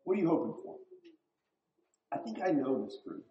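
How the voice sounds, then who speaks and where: A man's voice: a little high, very animated, normal speed, creaky, dull audio. A man preaching a sermon in a church, talking in a conversational way and putting questions to the congregation. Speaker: pastor. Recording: echoey room.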